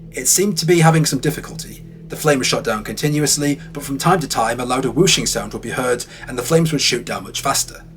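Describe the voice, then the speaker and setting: A man's voice: medium pitch, fairly bright tone. A man giving scripted, dramatic narration for an audio documentary, telling the story vividly. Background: faint music.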